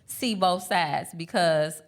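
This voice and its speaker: At a live brunch panel, a podcast co-host shares a personal story in a candid chat, speaking slowly in a fairly low voice. She is earnest and repeats her points to drive them home.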